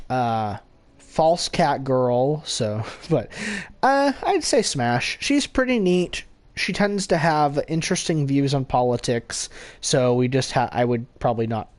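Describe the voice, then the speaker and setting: A man chatting casually about game characters in a slow, unhurried way. His pitch swings up and down freely. He rambles, corrects himself mid-sentence and slips in giggly asides. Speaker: gaming channel host.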